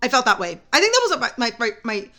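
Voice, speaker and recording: A young woman hosting a solo podcast, telling a story in an excitable, rambling way full of "like". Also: a little high, quick pace. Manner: rambling, excitable, heavy use of "like". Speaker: podcast host. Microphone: camera mic.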